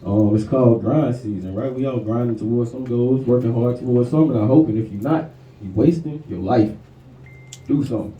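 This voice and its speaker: A rapper performing live chats with the crowd between songs, his mid-range voice brisk and laid-back, full of slang and conversational ease. The audio is dull and echoey, picked up by a distant mic in a music venue with music playing behind him.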